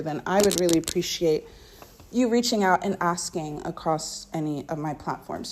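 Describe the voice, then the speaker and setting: A woman talking through her solo podcast from her bedroom in a loose, reflective way, with lots of "like." Her voice sits a touch lower than most women's, and she keeps it easy and conversational. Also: darkish tone. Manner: chatty, reflective, peppered with "like". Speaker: podcast host. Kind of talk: casual solo podcast monologue.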